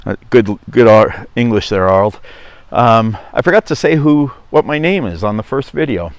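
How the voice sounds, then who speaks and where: A man's voice: lowish voice, animated, moderate pace, dry recording. A middle-aged man from Norway with a Norwegian accent, chatting casually and rambling on his vlog, often correcting himself. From Norway (Stavanger). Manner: rambling, self-correcting, chuckling. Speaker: vlogger.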